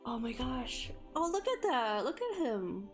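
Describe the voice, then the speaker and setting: A woman streams her live reaction to game trailers, excitable and laughing as she thinks aloud. Her voice sits high and swings widely, and she talks at an unhurried pace. Trailer music plays loudly behind her.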